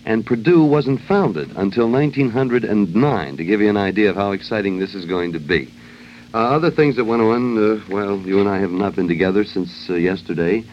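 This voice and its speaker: A man's voice: lowish voice, expressive, brisk. A man hosting a radio show, delivering a wry, ad-libbed comic monologue on an old lo-fi broadcast. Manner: wry, joking, loose ad-libbing. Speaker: radio host. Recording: dull lo-fi old radio recording with faint hiss.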